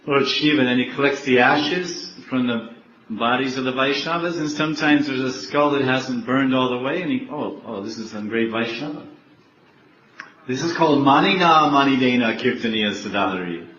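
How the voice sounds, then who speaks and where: A monk giving a sermon, telling a story with lively questions to the audience and acting out its characters. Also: male voice, mid-range voice, normal speed, a little hiss or hum. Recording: echoey, dull room recording.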